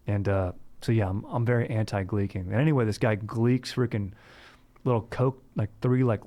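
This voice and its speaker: A man's voice: on the low side, a little mellow. A young man spins a long, loose story as a podcast host. His delivery is casual and rambling. He leans on "dude" and "like" from one sentence to the next. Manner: rambling and laid-back, saying "dude" constantly.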